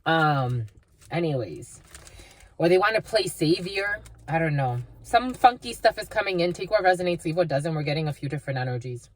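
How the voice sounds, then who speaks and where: A woman's voice: deep voice, lively intonation, moderate pace. A woman giving a casual spiritual reading, rambling with many fillers and restarts. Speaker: spiritual reader.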